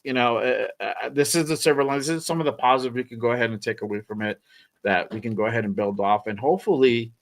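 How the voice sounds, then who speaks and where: Casual male podcast host, middle pitch, rambling and profane. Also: quick pace. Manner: loose and rambling, swears, repeats himself. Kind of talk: casual sports podcast chat.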